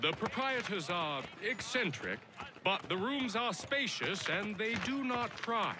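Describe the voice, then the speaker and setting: Earnest young officer. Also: male voice, high voice, very animated, a little slow, background noise. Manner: formal, deferential. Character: earnest young male officer, eager to please.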